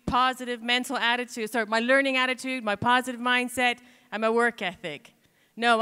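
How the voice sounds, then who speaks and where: A woman giving a motivational stage talk, telling her story with animated delivery and acting out her own complaints. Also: on the high side, clean tone. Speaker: keynote speaker. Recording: reverberant hall sound.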